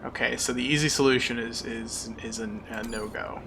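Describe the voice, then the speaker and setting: Gravelly-voiced male streamer swearing at puzzles. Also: mid-range voice, steady tone, normal speed. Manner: frustrated, self-mocking, swears often. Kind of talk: casual live-stream gaming chat. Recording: game stream with music behind.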